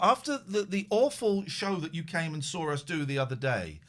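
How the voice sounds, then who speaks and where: A middle-aged man hosting a casual live show, chatty and excitable, rambling with frequent restarts. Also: fairly high pitch, moderate pace, few pauses. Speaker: show host.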